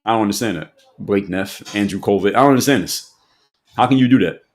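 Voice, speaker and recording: A man's voice: lowish voice, fast, darkish tone. A man hosting an opinion commentary show, speaking emphatically and repeating his points for effect.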